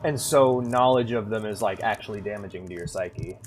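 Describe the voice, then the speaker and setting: A man's voice: lowish voice, a little fast, slight background noise. A young man streaming a horror game, chatting casually with his viewers in a rambling way full of restarts. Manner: rambling, talks to chat with many likes and restarts. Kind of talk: casual live-stream chat while gaming.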